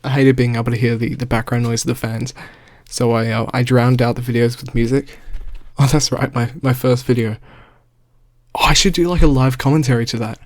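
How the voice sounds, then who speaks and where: A man's voice: medium pitch, steady tone, brisk, dry recording, clean studio sound. A young man in his bedroom, chatting off the cuff and reacting to his own old video, nervous and self-mocking, laughing often. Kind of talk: casual unscripted reaction chat. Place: bedroom floor, indoors.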